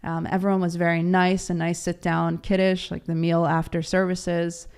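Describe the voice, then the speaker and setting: A woman's voice: fairly low pitch, flat delivery, normal speed, a little mellow, clean tone. A woman from Baltimore, a guest on an interview show, telling her story in a casual, chatty way, laughing often and acting out what people said. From Baltimore, USA.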